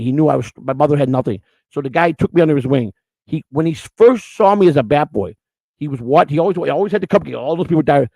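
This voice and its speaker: A middle-aged man, talking fast in a gravelly, fry-heavy voice. He hosts a podcast and tells his life story bluntly and emotionally, with plenty of profanity. The sound is dry and close, with no room echo. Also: fairly high pitch, mellow. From Chicago. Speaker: podcast host.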